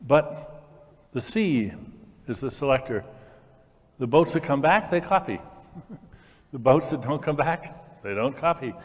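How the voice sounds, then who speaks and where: A man in a public onstage discussion, speaking with enthusiasm and demonstrating his points as he explains. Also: on the high side. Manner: enthusiastic, demonstrative, with fillers and restarts. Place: large hall, in front of an audience. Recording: long hall reverb.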